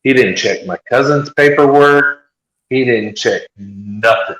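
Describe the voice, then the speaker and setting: A man telling a story in casual chat, animated, and acting out what other people said. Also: medium pitch, a little slow. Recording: echoey room.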